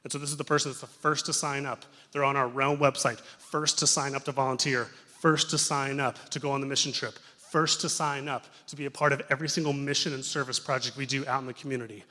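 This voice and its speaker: A young adult man preaching a sermon in a church as pastor, telling stories in an animated way that moves between loud and hushed. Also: medium pitch, fast talker, few pauses. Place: church sanctuary. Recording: reverberant church sanctuary.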